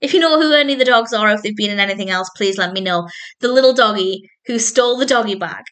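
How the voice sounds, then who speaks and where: A woman's voice: mid-range voice, quick pace, fairly bright tone. A woman reviewing a TV episode in a casual, enthusiastic way, laughing often and getting emotional. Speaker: film and TV reviewer.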